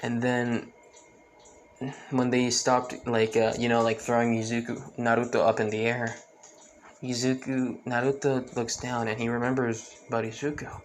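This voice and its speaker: A man narrates an improvised fan story in a mid-pitched voice. He rambles, loops back on himself and fills gaps with fillers, with a faint hiss behind him. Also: level tone, normal speed, poor audio.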